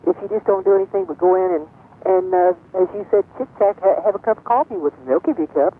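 An older woman, a guest on a radio show, telling a rambling story with many pauses and fillers. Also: fairly low pitch, slightly rough. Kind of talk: reminiscing on a call-in radio show. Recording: tinny phone-line sound.

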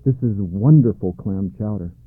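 Storybook: male reader doing a courteous male moose waiter, formal, lowish, dry thin sound. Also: normal speed, breathy edge. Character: polite grand male blue moose waiter. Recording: dry tinny narrow-band sound.

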